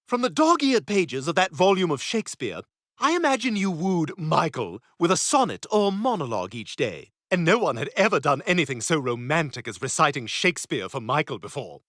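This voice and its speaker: A man's voice: on the high side, sing-song, moderate pace, a bit bright, no echo, studio quality. An actor voicing a snobbish, catty toddler boy who talks in a pompous, sarcastic way. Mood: smug.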